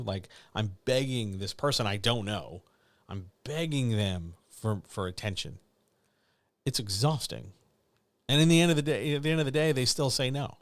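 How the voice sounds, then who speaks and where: A man's voice: lowish voice, animated, a little slow, no room sound. A middle-aged man, a writing coach, talking candidly and ramblingly to viewers in a casual live chat. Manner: candid, rambling, self-deprecating.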